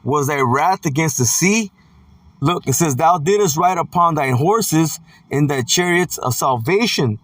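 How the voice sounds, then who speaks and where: A man's voice: fairly high pitch, expressive, a little slow, fairly bright tone, dry recording, recorded from a distance. A man preaching a scripture sermon, reading verses aloud and stressing points with "see" and "man". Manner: emphatic, punctuates with "see" and "man".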